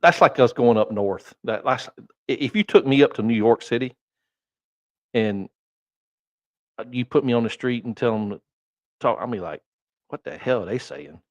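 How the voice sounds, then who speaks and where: A man's voice: mid-range voice, animated, moderate pace, long pauses, dry recording, lo-fi sound. A man guest on a podcast with a Southern US accent, chatting casually in a laid-back way and telling anecdotes. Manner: laid-back, short agreeing replies, anecdotes.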